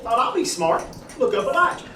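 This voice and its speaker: A man telling a folksy, animated testimony at a church gathering, acting out the voices in his story. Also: very high voice, fairly quick. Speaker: church member giving a testimony. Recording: echoey room, distant mic, audience noise.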